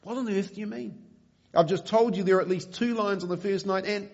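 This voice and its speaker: A man's voice: sits high, steady tone, a little fast, creaky, lo-fi sound, pitched above the performer's own voice. A man reading aloud and voicing a frightened orphan boy who pleads in a near scream. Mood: protesting. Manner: panicky, pleading.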